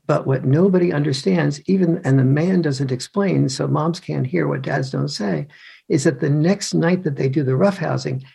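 Gravelly, husky older man. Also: on the high side, mellow. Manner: hesitant, full of restarts, acts out scenes. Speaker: author and guest. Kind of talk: conversational explanation.

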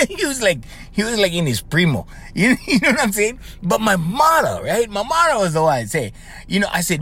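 His voice sits high, with huge pitch swings, a brisk pace, and a bit of brightness over slight roughness. This middle-aged podcast host and life coach, speaking Hawaiian Pidgin-tinged English, rambles conversationally, frequently adding "right?" and laughing often through his stories in a casual monologue.

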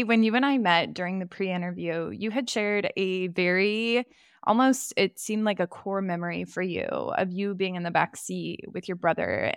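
A woman's voice: lowish voice, clean tone, dry recording. Affirming woman podcast host, dry sound. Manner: warm and affirming, fond of reflective comments. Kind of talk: interviewing a guest.

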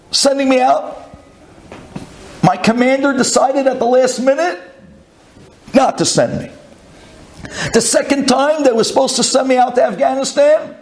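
A man's voice: very high voice, darkish tone. A man, a rabbi, telling a story to a group, acting out his own thoughts with rhetorical questions and Hebrew and Yiddish words. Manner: sprinkles in Hebrew and Yiddish terms.

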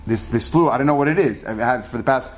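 A man's voice: quick pace, a little hiss or hum. A man casually telling a true story, acting out the people in it with shifting voices. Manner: chatty, acts out dialogue with shifting pitch.

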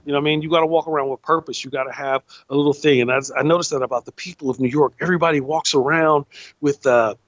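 A man's voice: fairly high pitch, fairly even intonation, quick pace, no echo, highs cut off. A man with a Californian Black American accent, hosting a podcast in a rambling, laid-back monologue that leans on "man" and "you know". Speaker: podcast host.

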